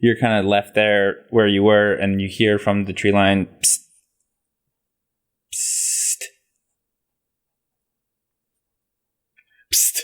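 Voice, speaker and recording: Male game master with a low voice, halting and casual. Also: level tone, clear, resonant tone. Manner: loose, halting narration with fillers. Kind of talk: narrating a tabletop game.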